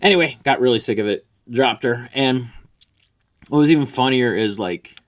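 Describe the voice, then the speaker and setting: A man's voice: medium pitch, normal speed. A man ranting crudely about an ex, boastful, vulgar and rambling, as a comedy vlogger.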